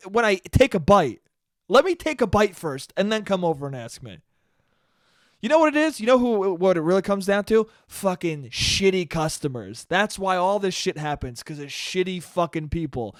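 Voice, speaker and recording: Alone at the mic, a podcast host delivers a fast, profane monologue in a voice pitched high for a man. His exasperation erupts in sudden loud spikes, and the close, dry recording carries no room echo.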